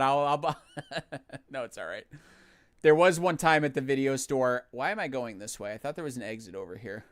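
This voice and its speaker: A young man casually chatting while livestreaming a game, jokey and quick to poke fun at himself. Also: mid-range voice, a bit bright, no echo, studio quality. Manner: self-mocking, jokey, chatty. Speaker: streamer.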